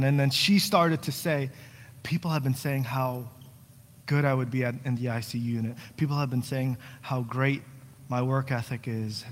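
Earnest young pastor in a reverberant hall. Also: male voice, mid-range voice, fairly even intonation, moderate pace. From New Jersey. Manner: conversational, joking asides, earnest pleading. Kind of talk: sermon. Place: church sanctuary. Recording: long church hall reverb.

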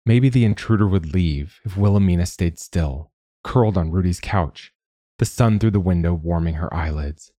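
Male narrator, deep voice, mellow tone, dry close sound, steady storytelling. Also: normal speed, no echo. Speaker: audiobook narrator. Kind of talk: scripted narration.

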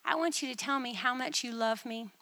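A woman voicing Jesus as a gentle, unhurried man who speaks softly and invitingly, in a retold vision. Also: on the high side. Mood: tender.

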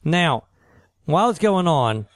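A man co-hosting a radio show, telling a funny story in an animated way and laughing as he talks. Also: fairly high pitch, unhurried, dry recording. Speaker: radio co-host. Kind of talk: casual radio chat.

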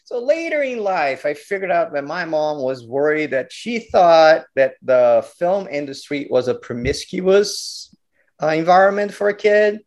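A middle-aged man tells his story as a guest, animated and lively in pitch. He stumbles and restarts often as he goes. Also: unhurried. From Brazil. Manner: animated, acts out quotes, many restarts. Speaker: guest filmmaker. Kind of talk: storytelling interview talk.

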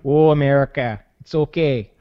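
A man voicing a gentle, awkward Canadian with a put-on Fargo-style Midwest accent, stammering as he comforts a friend. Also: medium pitch, moderate pace, clean tone, no room sound, muffled recording, lightly acted. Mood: soothing, awkward. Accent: Upper Midwest, Fargo-style. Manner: hesitant, stammering, soothing.

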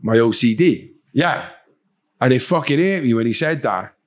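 Medium in pitch, moderate in pace, and lively in tone, a man appears as a guest on a podcast to share his personal story. His telling is blunt and loaded with profanity, and he performs others' words as he goes.

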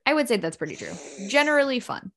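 Female podcast co-host, teasing, laughs often, animated higher voice. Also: fast. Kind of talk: casual movie chat.

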